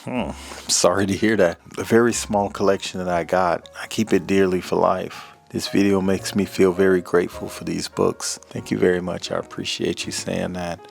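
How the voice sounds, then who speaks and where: A man with a very low, gravelly voice hosts his book channel from home. He chats in an easy, relaxed way as he reads out viewer comments and sometimes drops to a soft, quiet tone. Faint music plays under his voice. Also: moderate pace. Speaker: booktube host. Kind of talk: casual chat reading viewer comments.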